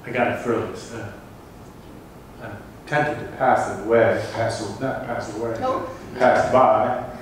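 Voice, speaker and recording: A man's voice: on the low side, fairly even intonation, unhurried, a little hiss or hum. Man preaching in an echoey hall. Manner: dramatic rises when reading scripture aloud. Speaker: pastor. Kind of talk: sermon. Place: church sanctuary. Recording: echoey church hall from far off.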